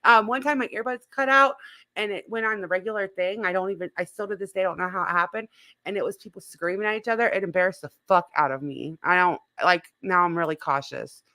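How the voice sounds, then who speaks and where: A woman's voice: fairly low pitch, quick pace, sharp tone, no echo. A woman hosting casual commentary, chatting with lots of fillers and giggles. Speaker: YouTube commentary host.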